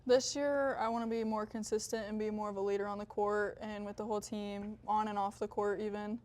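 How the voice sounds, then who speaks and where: Flat-voiced young woman athlete. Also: mid-range voice, brisk. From Iowa. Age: young adult. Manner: brief, soft-spoken, uses "like" often. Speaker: college volleyball player. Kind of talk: interview answers.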